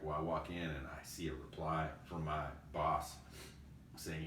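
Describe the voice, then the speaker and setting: Deep-voiced man telling lively stories. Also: measured pace. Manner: animated, laughing often, says dude and bro. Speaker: podcast host. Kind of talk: casual storytelling chat. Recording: roomy echo, distant mic, faint noise.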